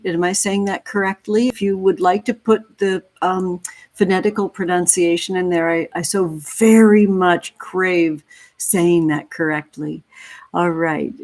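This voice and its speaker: A woman's voice: lowish voice, darkish tone. A woman in her thirties from California hosting a tarot livestream, greeting viewers with gushing affection and calling them honey and sweetie. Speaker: tarot reader hosting a live stream.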